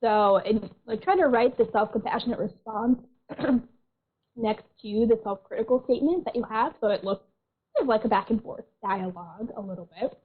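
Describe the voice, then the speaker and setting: A woman counselor leads an online workshop in a gentle, reassuring voice, pitched a little high, and keeps clearing a tickle from her throat. The sound is thin and tinny, like a phone line, from a computer mic on a video call. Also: moderate pace.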